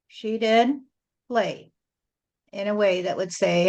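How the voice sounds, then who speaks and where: A woman's voice: a little high, darkish tone. Woman channeling a rhyming spiritual message. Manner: slow, rhyming, repetitive preaching cadence. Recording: dull lo-fi recording.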